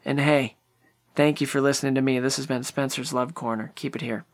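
A podcast co-host giving casual movie commentary in a sarcastic, profane and animated way. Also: mid-range voice, a little fast.

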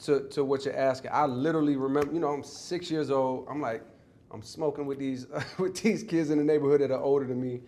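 A man sitting for an interview and recounting a childhood memory. He tells it with animated energy and often circles back to restart a sentence. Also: mid-range voice, brisk, slight background noise. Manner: animated, acts out quoted voices, restarts often. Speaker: interview guest. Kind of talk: storytelling in an interview.

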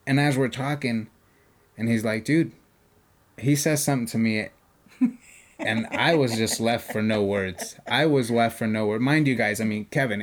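A man co-hosting a podcast, casually telling a long story and acting out what people said, with the odd swear word. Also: mid-range voice. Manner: animated retelling, acts out quoted voices, swears casually. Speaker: podcast co-host.

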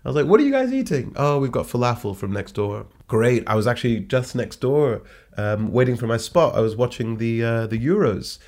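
A stand-up comedian, telling an anecdote in a casual, animated way and jumping his pitch to act out quoted lines. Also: moderate pace.

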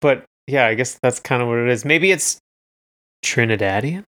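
A man co-hosting a podcast, talking in a relaxed, wry way with a few hesitant fillers. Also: medium pitch, normal speed. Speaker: podcast co-host. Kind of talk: casual chat about music.

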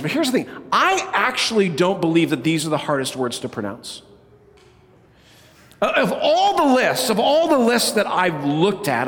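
A man's voice: high-pitched, fairly bright tone, long reverb tail. A man preaching a sermon as a pastor, playful and conversational, who often checks in with "right?".

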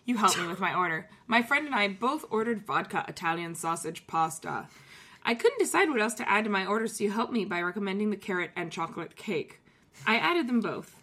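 Bright-voiced joking woman co-host. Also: medium pitch, lively intonation, brisk. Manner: playful, giggly, riffing. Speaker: podcast co-host. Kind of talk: casual comedic chat reading letters.

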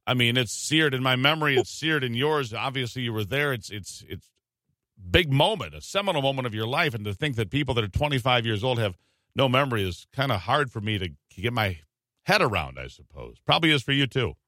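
A man hosting an interview, asking questions in a measured, thoughtful way with some fillers. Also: medium pitch, lively intonation, bright, forceful tone, dry recording. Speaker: interview host. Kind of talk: conversational interviewing.

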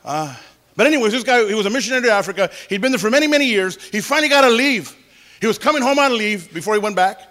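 A man's voice: high voice, animated, rapid-fire, sharp tone. A man preaching a sermon in a church service, folksy and exclamatory, breaking in with hallelujahs. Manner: exclamatory, with interjected hallelujahs and praise the Lord; folksy storytelling, mimicking music with sung syllables. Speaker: pastor.

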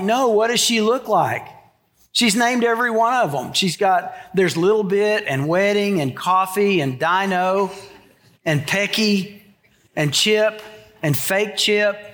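A man's voice: high voice, a bit bright. An older man, a pastor, giving a sermon in a folksy storytelling way, mixing scripture with family anecdotes. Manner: folksy storytelling, shifts from Bible reading to humorous anecdotes.

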